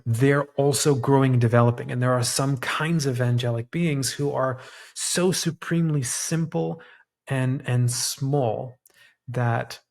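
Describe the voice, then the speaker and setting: Thoughtful man musing with many restarts. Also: mid-range voice. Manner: thoughtful, searching for words with frequent restarts. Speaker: podcast host. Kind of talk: reflective monologue.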